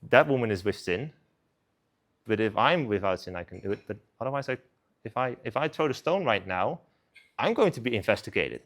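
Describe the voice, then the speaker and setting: A young man preaching at a student service, telling the story in a casual, animated, conversational way. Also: mid-range voice. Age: young adult.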